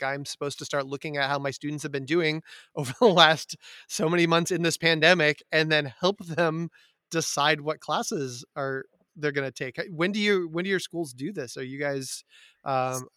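A man's voice: on the high side, moderate pace, bright, forceful tone, no echo, studio quality. A middle-aged man hosting a casual chat, talkative with frequent fillers and laughs. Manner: chatty, laughs often, many fillers. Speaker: podcast host, teacher.

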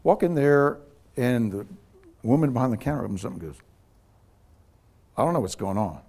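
A middle-aged man recounting a family story with lively, conversational energy. His voice sits at an ordinary middle pitch. He slips into the voices of the people he quotes as he tells it. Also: moderate pace. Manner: animated anecdote teller, voices quoted people. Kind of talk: casual storytelling.

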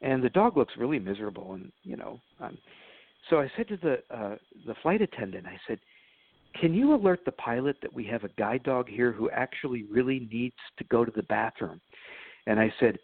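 A man's voice: mid-range voice, expressive, fairly quick, vocal fry, breathy edge, dry recording. A man telling stories as a guest in an interview, chatty and laughing at his own stories, with lots of fillers. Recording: phone line.

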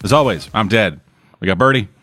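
A man's voice: fairly low pitch, animated, brisk, bright, forceful tone, no echo, studio quality, faint music behind. A man hosting a comic book podcast, chatting loosely with co-hosts and swearing casually. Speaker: podcast host. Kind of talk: casual chat.

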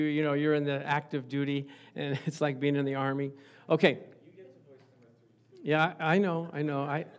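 A man preaching a sermon, telling lively stories and acting out the voices of the people in them. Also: on the high side. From Italian family background. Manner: animated storytelling, acts out voices. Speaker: pastor.

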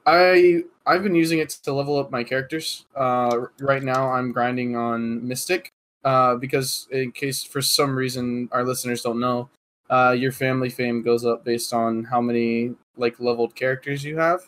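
A man's voice: mid-range voice, fairly even intonation, normal speed, fairly bright tone. A man co-hosting a casual gaming podcast, chatty and reasoning aloud with many fillers. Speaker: podcast co-host.

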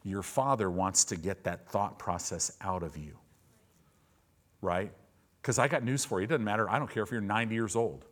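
A male pastor preaching a sermon, earnest, moving from quiet intimacy to loud fervor. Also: fairly low pitch, moderate pace.

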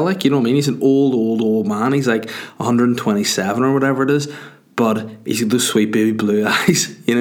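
A man hosting a podcast, telling a rambling comic story full of swearing, with constant "you know" and "do you know what I mean". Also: on the low side. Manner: profane, joking, digressive storytelling. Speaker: podcast host.

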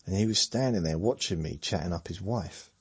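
A man, rambling slowly through a meandering bedtime monologue with muttered asides that trail off. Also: deep voice, slightly rough. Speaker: sleep podcast host.

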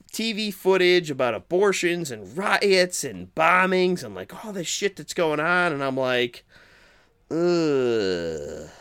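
A man's voice: mid-range voice, a bit bright, clear, resonant tone. A man co-hosting a podcast, reviewing horror films in a casual, rambling and profane way. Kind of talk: casual chat.

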